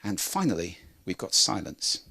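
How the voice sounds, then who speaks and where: A man presenting a talk on how to speak, demonstrating with lively changes of pitch and volume. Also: normal speed, vocal fry, slightly rough. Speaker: speaker on voice and communication.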